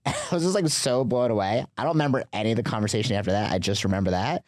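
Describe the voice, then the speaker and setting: Fairly low in pitch, this man races through his words with few pauses. He's a podcast guest giving a lively, filler-heavy, chatty retelling of a story, recorded dry in a clean studio.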